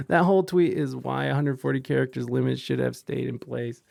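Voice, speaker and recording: A man's voice: medium pitch, fairly quick, vocal fry, few pauses, darkish tone, no room sound, studio quality. A man hosting a podcast, rambling through casual commentary with stumbling restarts and crude jokes. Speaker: podcast host reading chat.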